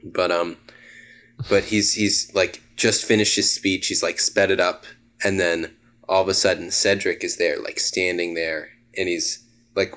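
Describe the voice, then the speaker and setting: Deep-voiced man pitching jokes. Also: fairly even intonation, unhurried, a bit bright. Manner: rambling, filler-heavy. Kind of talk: casual comedic brainstorming.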